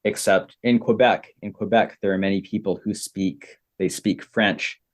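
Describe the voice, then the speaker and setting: A Canadian man teaching beginner English, repeating simple phrases with many pauses. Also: lowish voice, fairly even intonation. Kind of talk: slow, simple explaining for beginner learners.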